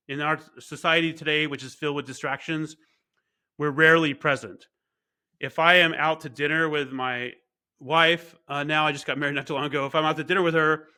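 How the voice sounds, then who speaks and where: A man's voice: medium pitch, sharp tone. A middle-aged man, a guest on an interview show, telling a personal story earnestly, with many fillers and restarts. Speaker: guest, cybersecurity expert. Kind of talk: conversational storytelling.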